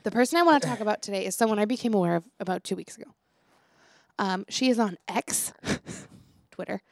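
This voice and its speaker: A woman's voice: mid-range voice, a little fast, vocal fry, no room sound, studio quality. A young woman co-hosting a casual podcast, telling stories and acting out quotes with frequent laughter. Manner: chatty storyteller, acts out quotes, laughs often. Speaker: podcast co-host and teacher.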